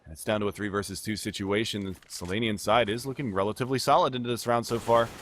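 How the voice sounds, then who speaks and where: A man calling a live esports match play by play, fast and excitable as he follows the action. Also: lowish voice, slight background noise. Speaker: esports caster.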